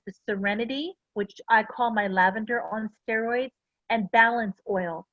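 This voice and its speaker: A woman's voice: on the high side, fairly bright tone, no echo, lo-fi sound. A middle-aged woman giving a casual, earnest talk to a class, full of personal stories. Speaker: essential oils presenter.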